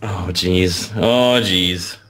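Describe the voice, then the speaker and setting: A man commentating a game he plays, excitable, often yelping and laughing. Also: sits low, very slow, soft background music. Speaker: gaming channel host. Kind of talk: let's play commentary.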